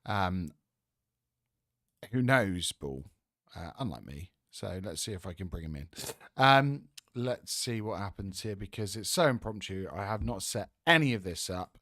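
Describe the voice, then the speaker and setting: A man hosting a casual live stream, talking excitably and rambling with stammered restarts. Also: low-pitched, a little slow, no room sound, clean studio sound. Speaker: host.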